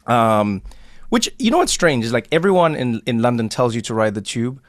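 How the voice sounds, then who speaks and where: A man hosting a casual podcast chat, a playful and animated storyteller who acts out the people he talks about. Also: mid-range voice, normal speed, no echo, clean studio sound. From South Africa. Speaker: podcast host.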